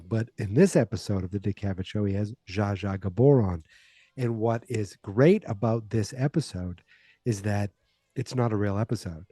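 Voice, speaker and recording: Mellow-voiced man rambling through a recap. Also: on the low side, dry recording, studio quality. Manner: rambling, chatty retelling. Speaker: podcast host. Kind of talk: casual movie recap.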